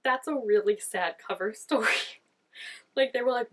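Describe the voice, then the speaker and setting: A woman's voice: fairly high pitch, moderate pace. Chatty woman gushing over a show. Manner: chatty, gushing, peppers speech with "like". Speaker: TV episode reactor. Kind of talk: casual reaction commentary.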